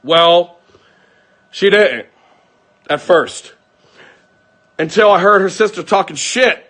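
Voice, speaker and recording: A young man with a high voice talks heatedly and swears freely as he recounts a fight at home to his viewers. He acts out the lines of everyone involved, swinging between low muttering and raised shouts. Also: takes it slowly. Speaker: vlogger. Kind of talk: angry personal account to viewers.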